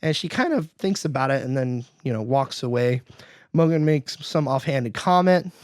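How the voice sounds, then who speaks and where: A man's voice: mid-range voice, expressive, moderate pace, a little mellow, no room sound, clean studio sound. A man hosting a podcast, casually recapping a film and acting out the characters' lines in raised voices. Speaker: podcast host.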